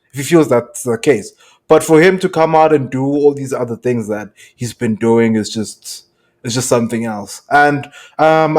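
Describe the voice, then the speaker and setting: A man co-hosting a podcast in casual chat, measured and explanatory, with some hesitant restarts. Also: mid-range voice, a little mellow. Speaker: podcast co-host.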